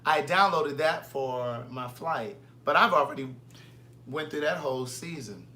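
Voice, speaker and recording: A bright, fairly high-pitched man hosts a casual live chat, teasing his friend with sassy banter. A faint hum sits behind him. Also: a little slow. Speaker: host.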